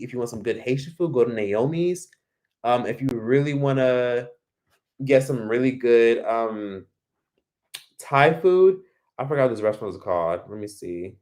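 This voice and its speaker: A Miami man, from the United States, runs a relaxed livestream where he reads comments and dishes out blunt advice laced with profanity. His voice is medium-pitched with a darkish tone.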